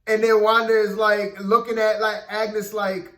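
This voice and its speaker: Casual reviewer, male, higher register, loose filler-heavy delivery, roomy echo. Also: little pitch movement, a little slow, fairly bright tone. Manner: rambling, filler-heavy, keeps saying "you know what I mean". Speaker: TV episode reviewer.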